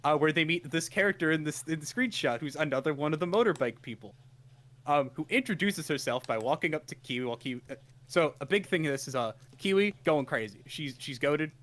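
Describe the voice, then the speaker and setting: A man's voice: on the high side, animated, a little fast, fairly bright tone. A man co-hosting a casual anime podcast, retelling episodes with lots of restarts and amused laughs. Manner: rambling, many restarts, laughs at his own retelling. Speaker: podcast co-host. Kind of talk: casual anime review chat.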